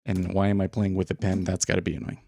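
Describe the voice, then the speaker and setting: Low-voiced man rambling through market commentary. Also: completely flat delivery, fast, gravelly, a little mellow, no room sound. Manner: rambling, thinking aloud, self-deprecating. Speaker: day trading livestream host.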